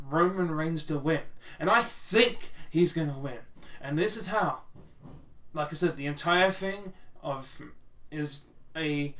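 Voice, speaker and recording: A man's voice: fairly high pitch, a bit bright, far from the mic. A man casually rambling through wrestling predictions on his channel, with restarts and swearing. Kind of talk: casual solo commentary to camera.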